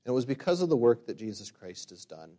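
A middle-aged man preaching a sermon as a pastor. He builds to loud, emphatic peaks and then drops to quiet, reflective passages. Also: medium pitch, sing-song. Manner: reads scripture slowly and forcefully.

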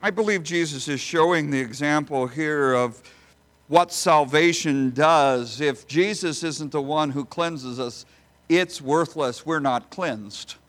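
A man preaching a sermon as a pastor, asking rhetorical questions and swinging from soft asides to loud, emphatic bursts. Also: a little high, slow.

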